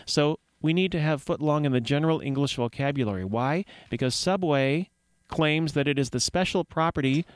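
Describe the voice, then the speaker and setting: A man's voice: on the high side, moderate pace, clean tone, no room sound. A man hosting a community radio news segment, reading items with wry, rambling asides and puns. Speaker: radio host. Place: radio studio.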